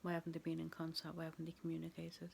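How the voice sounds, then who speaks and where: A woman chats her way through a tarot reading, rambling and laughing at herself. Her low voice is gravelly with fry and stays fairly flat in pitch, and a faint hiss sits under the recording. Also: racing. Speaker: tarot reader. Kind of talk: casual tarot reading to camera.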